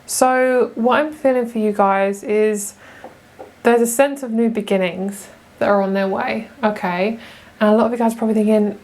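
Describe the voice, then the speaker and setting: Woman, young adult, tarot reader, casual chat, gushing, mid-pitched. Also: fairly even intonation, moderate pace, darkish tone. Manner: chatty and gushing, laughs often. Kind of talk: casual pick-a-card reading.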